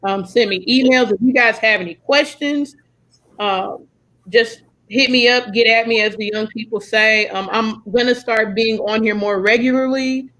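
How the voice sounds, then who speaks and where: A woman's voice: on the high side, steady tone, normal speed, a bit bright, rough recording. A young American woman hosting a casual podcast chat, friendly and full of fillers. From United States. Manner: chatty, friendly, lots of fillers. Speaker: podcast host.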